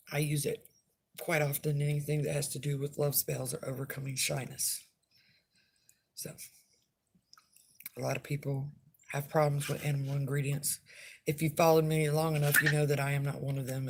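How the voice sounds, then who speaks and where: Lady witch mixing oils on her vlog, lowish voice, blunt, drawly, faint hiss behind. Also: level tone, normal speed, gravelly, pauses often. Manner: blunt and outspoken. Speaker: witch making spell oils. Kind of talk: casual vlog chat.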